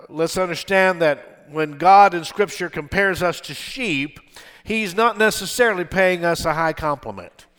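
In a church with a balcony, an older male pastor preaches to his flock in a high-pitched, somewhat bright voice. His delivery is emphatic, and he keeps asking the congregation to respond.

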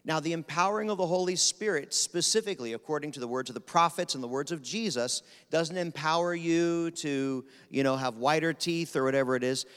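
A man from Pennsylvania, preaching a sermon as guest speaker in a quick, animated, rapid-fire way. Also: fairly high pitch, smooth. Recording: long reverb of a large hall.

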